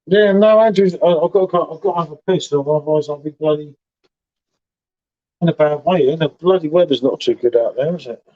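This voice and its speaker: A man's voice: fairly high pitch, normal speed, dark tone, highs cut off. Tipsy, matey man on a stream. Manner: matey, repeats himself, says "mate" a lot. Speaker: livestream host. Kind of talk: casual chat.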